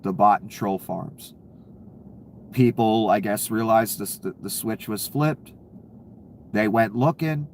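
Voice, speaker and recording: A man's voice: on the low side, takes it slowly, long pauses, a little mellow, slight background noise. A man giving casual, profane political commentary, ranting and sarcastic, laughing at his own jokes.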